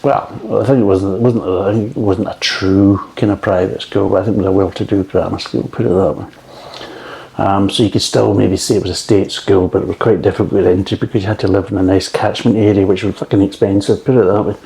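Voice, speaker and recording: A man with a low, mellow voice reviewing a beer in a loose, rambling chat. He swears freely and wanders off into tangents before coming back to the tasting. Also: steady tone, quick pace, creaky. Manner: rambling, profane, digressive.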